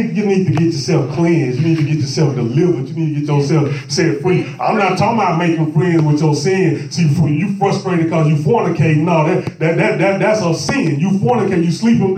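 A man preaches a sermon in a church, emphatic and repetitive, restarting his phrases as he builds. His voice sits high for a man. The sound is roomy and picked up from a distance. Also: a little mellow, a little hiss or hum. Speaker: pastor.

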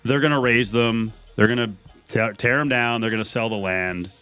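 A man hosting a radio show, chatting in a lively, excitable way. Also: mid-range voice, moderate pace, smooth, soft background music. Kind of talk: casual chat.

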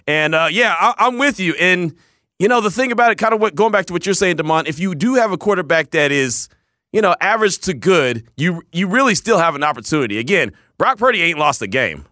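A man hosting a sports talk radio show, emphatic and animated, often repeating words as he argues. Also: sits high, fairly quick, no room sound, studio quality.

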